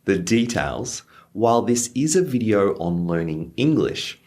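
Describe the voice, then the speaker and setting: A man's voice: fairly low pitch, sing-song, unhurried, a little mellow. A man teaching an English lesson in an upbeat, scripted way over faint background music.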